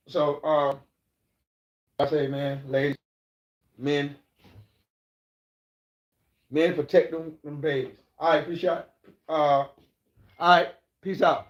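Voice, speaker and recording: Casting: middle-aged male streamer, fairly high voice, rambling and profane, echoey lo-fi room. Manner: loose and profane, rambling, preachy asides. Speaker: live streamer. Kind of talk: casual live-stream talk. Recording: echoey, dull lo-fi room sound.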